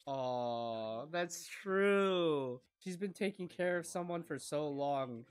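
A woman hosting an anime reaction, moving from soft cooing to loud excited squeals and swearing freely. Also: fairly low pitch, slow, soft background music.

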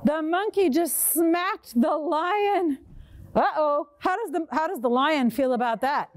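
A woman's voice: high-pitched, unhurried. A woman librarian leading a children's storytime, reading a picture book aloud and coaxing kids to buzz, roar and act along. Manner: animated, sing-song, coaxing children to join in.

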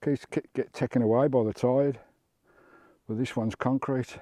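On a coastal walk, a British vlogger chats to the camera in a mellow, medium-pitched voice with fairly even intonation and a moderate pace. The recording is dry, and he's a bit out of breath, often exclaiming at the scenery.

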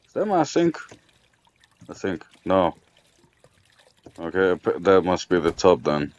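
A man's voice: low voice, sing-song, slow. A man playing a game and reading its dialogue aloud, with sarcastic, swear-heavy casual commentary, in a dull lo-fi recording. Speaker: let's play gamer.

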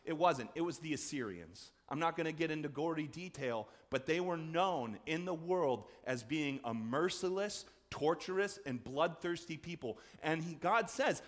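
A man preaching a sermon as pastor, conversational and animated, acting out voices in the story. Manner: conversational, acts out quoted voices with big swings in pitch and loudness. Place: church sanctuary. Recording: long church reverb.

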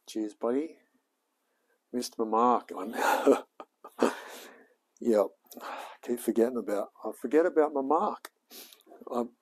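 A man's voice: mid-range voice, darkish tone. An Australian man in his forties, a hobby mechanic chatting casually on a livestream as he works in his home workshop and talks to himself. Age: 40s. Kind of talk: casual livestream chat while working.

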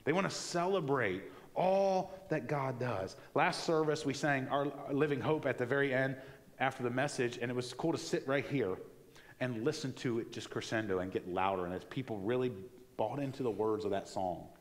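A man preaching a sermon in a church in a conversational, animated way, acting out little asides as he goes. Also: mid-range voice, normal speed, in a large hall. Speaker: pastor. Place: church sanctuary.

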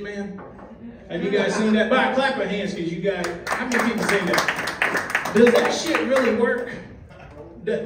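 A man hosting a comedy show, doing loose, rambling crowd work and teasing the audience. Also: sits high. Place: comedy club with live audience. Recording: roomy echo, distant mic, crowd laughter.

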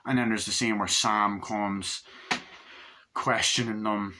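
A man casually reviewing a movie, swearing freely and rambling as he retells scenes with quick quoted lines. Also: fairly low pitch, fairly even intonation, sharp tone. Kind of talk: casual spoken film review.

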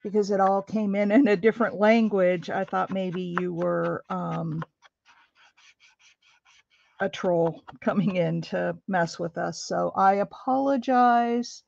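A woman's voice: medium pitch, fairly even intonation, slow, gravelly, darkish tone, no room sound, muffled recording. A middle-aged woman hosting a craft livestream, chatting with viewers in a chatty, rambling way and laughing easily. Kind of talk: casual chat with live viewers while crafting. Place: home craft room.

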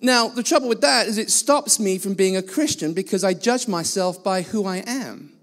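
Blunt high-voiced man preaching in a hall. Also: moderate pace, a bit bright, faint music behind. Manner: blunt, self-mocking preaching. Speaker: guest preacher. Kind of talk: sermon. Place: church hall.

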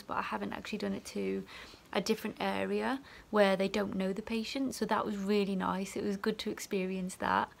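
A woman's voice: mid-range voice, gravelly. Young woman, English accent, tearful, emotional vlog, gushing, breaks into whispers. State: teary, emotional. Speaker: student nurse vlogger.

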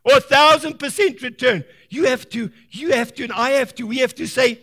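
A male pastor giving a sermon, animated and emphatic, acting out little quoted exchanges as he preaches. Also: very high-pitched, a little fast, few pauses. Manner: animated preaching, rising to loud declarations; acts out quoted voices of doubters and believers.

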